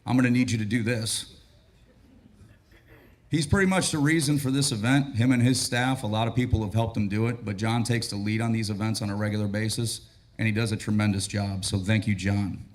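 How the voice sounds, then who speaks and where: A battalion chief of training with a raspy, hoarse voice, giving a relaxed, joking and grateful speech at a graduation ceremony. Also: male voice, lowish voice, brisk. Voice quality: raspy, losing his voice.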